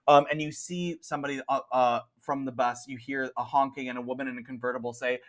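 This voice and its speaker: A man narrating as game master in a tabletop horror game, animated and loose. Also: mid-range voice, a little fast, few pauses.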